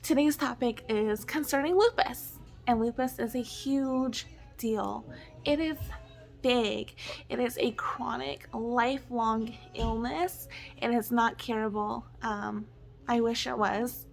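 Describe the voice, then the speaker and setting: A woman's voice: fairly high pitch, steady tone, slow pace, vocal fry, faint music behind. A woman in her thirties, a stay-at-home mom, talking in an earnest, apologetic personal vlog while choking up with tears. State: tearful, choking up.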